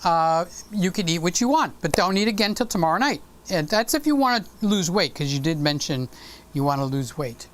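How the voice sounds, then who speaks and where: A woman's voice: on the low side, expressive, normal speed, slight background noise. A woman hosting a casual live stream from home, chatting straight to her viewers in a teasing, talkative way.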